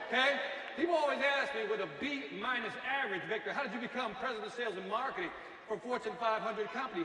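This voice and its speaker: A middle-aged man giving a motivational speech, telling stories with jokes. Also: sits high. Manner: energetic storytelling with jokes. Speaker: motivational speaker. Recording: echoey hall from far off.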